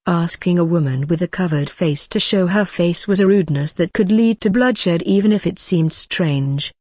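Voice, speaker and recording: An audiobook narrator reading a translated martial arts novel in an even, matter-of-fact way. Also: medium pitch, no room sound, clean studio sound. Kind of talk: scripted narration.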